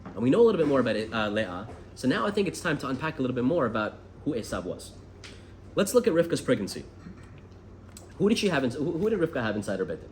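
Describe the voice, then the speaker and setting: An American man teaching a lively Torah class, asking the room questions as he goes. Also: medium pitch, fast talker, slight background noise. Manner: animated, asks the room questions. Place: classroom with a group.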